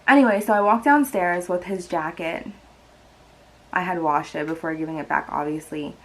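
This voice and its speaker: A woman's voice: fairly low pitch, moderate pace, low-quality recording. A woman in her twenties telling a personal story in a casual, chatty way, with a lot of "like" and moments where she gets emotional. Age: 20s. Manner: chatty, heavy use of "like", emotional and teary. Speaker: vlogger.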